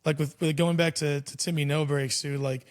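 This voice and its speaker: A man's voice: fairly high pitch, flat delivery, normal speed. A young man hosting a podcast in casual chat. He is laid-back and swears freely, with lots of "dude" and "like.". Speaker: podcast host and comedy show booker.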